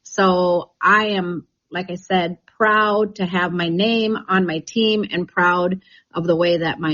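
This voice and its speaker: A chatty woman talking on a radio interview, sounding enthusiastic and proud. Her voice sits fairly low for a woman. The recording has a dull, lo-fi radio sound. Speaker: real estate team leader.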